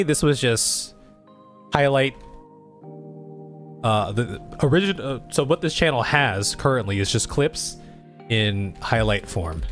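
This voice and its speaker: A man's voice: on the low side, fairly bright tone. Rambling man chatting to his viewers. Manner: rambling, thinking aloud, asks viewers. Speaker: streamer and channel host. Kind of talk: casual channel update.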